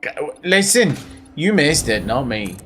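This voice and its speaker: A man's voice: on the high side, big pitch swings, unhurried, bright, forceful tone, a little hiss or hum. A tired man with a Belfast accent, rambling through casual gameplay commentary and joking at his own expense. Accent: Northern Irish, Belfast. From Northern Ireland. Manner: rambling, self-deprecating, repeats words. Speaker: gaming video host.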